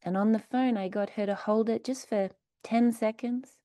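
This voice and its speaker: A woman leading a guided meditation within a recovery talk, speaking slowly and soothingly with repeated phrases. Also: fairly high pitch, fairly even intonation, warm tone, no echo, clean studio sound. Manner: slow, soothing, repetitive phrasing.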